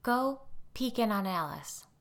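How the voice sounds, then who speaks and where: A woman voicing an anxious, frazzled woman friend who talks in a hurried, flustered way, in a storybook reading. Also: medium pitch, expressive, vocal fry, pitched above the performer's own voice. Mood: urgent.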